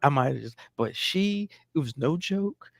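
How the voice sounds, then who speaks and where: A man in his thirties tells a long story on a podcast with a slightly high, gravelly voice. He is animated, swears freely and laughs through his own telling. The sound is dry and close. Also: a little slow, dry recording. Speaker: podcast co-host. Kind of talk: casual storytelling chat.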